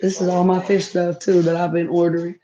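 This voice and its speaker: A woman's voice: on the low side, level tone, brisk, warm tone, muffled recording. A woman chatting casually to viewers on a home livestream, reading comments aloud. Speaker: livestream host. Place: home, indoors.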